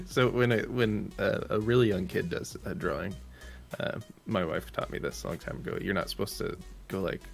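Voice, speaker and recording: Man co-hosting, low gravelly voice, lively teasing talk. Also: moderate pace, long pauses, soft background music. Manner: teasing, playful. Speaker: morning show co-host. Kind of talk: casual chat.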